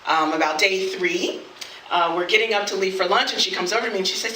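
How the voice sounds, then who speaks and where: A woman performing a personal story live on stage, animated and quick to laugh, acting out the voices of others. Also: medium pitch, very noisy. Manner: animated, laughs often, acts out quoted voices. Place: studio event space with audience. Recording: echoey room, voice from a distance.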